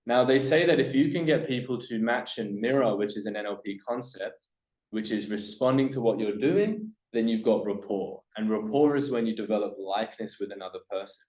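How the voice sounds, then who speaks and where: A man presenting a workshop to a live audience, emphatic and coaching, swinging between loud points and hushed asides. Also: lowish voice, a little fast, reverberant, rough recording. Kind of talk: live seminar teaching to a room.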